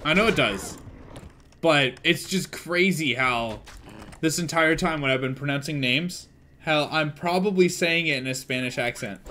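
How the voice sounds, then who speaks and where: A young man streaming a game live and chatting casually, excitable and swearing freely as he thinks aloud. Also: fairly high pitch, measured pace, slight background noise.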